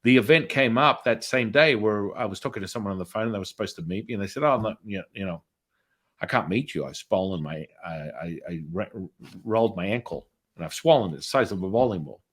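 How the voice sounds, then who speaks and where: Middle-aged male storyteller, lowish voice, chatty interview guest, does the other people's voices. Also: fast talker. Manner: animated storyteller acting out quoted voices. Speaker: spiritual healer guest.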